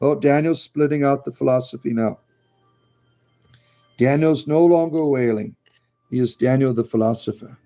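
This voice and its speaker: Mellow-voiced man chatting to his rabbits. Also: medium pitch, normal speed, pauses often, soft background music. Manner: rambling, talks to his rabbits and reads out chat. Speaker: livestream host. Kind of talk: casual livestream chat. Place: indoors at home, beside his rabbits. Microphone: phone.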